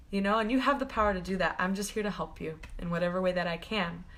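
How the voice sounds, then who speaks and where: Woman, spiritual coach on a live stream: bright, vivid tone, effusive and affectionate, loose rambling delivery full of fillers. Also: medium pitch. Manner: gushing and affectionate, laughs often. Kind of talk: live-stream talk to viewers.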